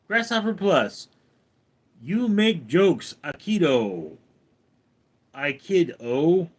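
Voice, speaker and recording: A man live-streaming from home, reading chat comments and answering in a dry, deadpan way. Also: a little high, slightly rough.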